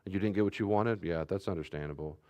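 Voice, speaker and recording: A man's voice: sits low, quick pace, warm tone, no room sound. A pastor giving a conversational sermon, acting out short exchanges between parents and children and sometimes raising his voice for emphasis.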